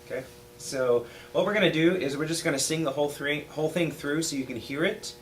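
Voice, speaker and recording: A man's voice: on the high side, fairly quick, a little hiss or hum. A man teaching a youth choir, patiently explaining pronunciation step by step in a rehearsal. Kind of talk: rehearsal instruction.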